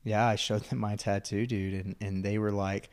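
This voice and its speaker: Young guy from texas telling army-style stories on a podcast, loud when he acts out the yelling. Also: lowish voice, moderate pace, clean tone. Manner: animated storyteller, acts out drill instructors loudly, laughs often. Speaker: podcast co-host. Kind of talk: casual storytelling chat.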